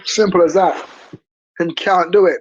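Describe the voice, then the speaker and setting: A woman's voice: fairly low pitch, fairly even intonation, unhurried, a little mellow, dull audio. A woman hosting a stream, reacting in casual chat in a blunt, incredulous, swearing manner. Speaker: stream host.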